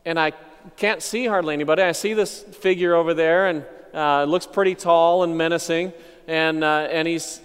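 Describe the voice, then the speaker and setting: Male pastor, fairly high and smooth, unhurried testimony storytelling, long hall reverb. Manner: conversational, unhurried, reflective. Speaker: missionary pastor.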